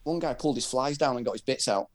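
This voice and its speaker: Over a loud crowd, a medium-pitched British man talks fast as a podcast guest. A former soldier and wheelchair rugby player, he tells his story casually and candidly, rambling and full of filler words.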